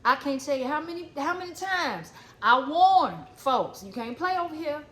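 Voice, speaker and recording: A woman's voice: high voice, big pitch swings, normal speed, fairly bright tone. A woman giving a blunt, emphatic spiritual pep talk, repeating phrases and cursing casually. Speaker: spiritual coach. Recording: echoey room with faint ambient noise.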